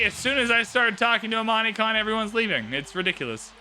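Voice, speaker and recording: A man's voice: high voice, lively intonation, fast talker, few pauses, bright, forceful tone. A man giving casual, joking commentary on a game during a livestream, chatting with playful asides. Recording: game music behind.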